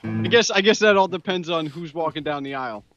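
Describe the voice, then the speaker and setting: A man's voice: fairly high pitch, brisk, over music. Dry-witted man, dull lo-fi sound. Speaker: podcast co-host. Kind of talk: casual podcast banter. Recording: dull lo-fi podcast audio.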